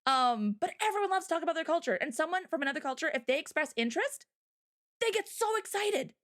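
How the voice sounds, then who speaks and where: A high-pitched woman co-hosting a casual livestream, her voice swooping up and down as she gets heated. She rants in an animated way, slipping into quoted voices as she tells a story. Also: fast talker. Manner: heated, ranting. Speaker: co-host.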